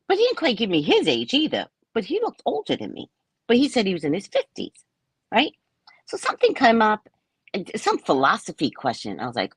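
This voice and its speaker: A woman's voice: sits low, normal speed, long pauses, breathy edge, no echo, poor audio. A woman in her sixties, a psychic host, chatting casually to viewers and acting out the people in her stories. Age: 60s. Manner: animated, chatty, acts out quotes. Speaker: psychic reader and live host.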